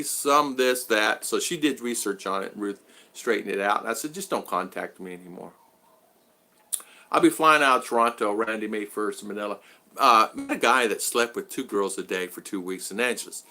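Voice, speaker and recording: A man's voice: fairly low pitch, fairly quick, pushed and bright. A middle-aged American man vlogging in a casual livestream chat, rambling and repeating himself. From United States.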